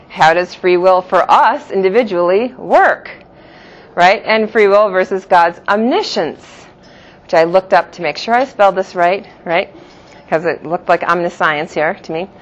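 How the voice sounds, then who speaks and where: A woman with a lowish voice speaks a little slowly while teaching a Jewish philosophy class. Patiently, she explains each term and says it in two pronunciations, all on a dull lo-fi classroom recording.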